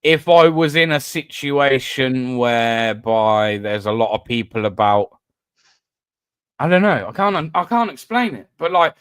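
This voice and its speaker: A man's voice: mid-range voice, fairly bright tone, no room sound. A British man hosting a live voice chat, chatting casually and telling stories in a self-mocking way. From Britain. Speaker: host of a live voice-chat panel. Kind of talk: casual banter. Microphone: online voice chat.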